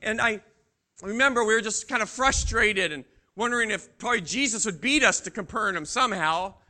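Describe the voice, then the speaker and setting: A man acting out the apostle Peter as a bold, proud fisherman, telling his story in a first-person Bible monologue that swings between hushed awe and loud boasting. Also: high voice, brisk. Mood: storytelling, urgent. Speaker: preacher in character.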